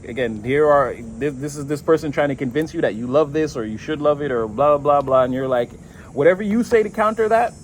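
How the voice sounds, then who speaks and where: Male tarot reader, slightly high voice, loose chatty delivery with frequent laughs and casual cursing. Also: brisk, slight background noise, low-quality recording.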